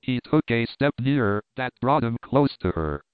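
A man narrating an adventure novel in a steady, even storytelling manner. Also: mid-range voice, moderate pace, clean tone, dry recording. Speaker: audiobook narrator. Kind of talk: scripted narration. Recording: thin phone-like sound.

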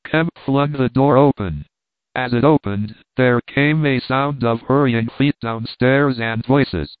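Male audiobook narrator, mid-pitched, measured storytelling; dry, tinny recording. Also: dry recording. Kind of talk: scripted narration of a classic novel.

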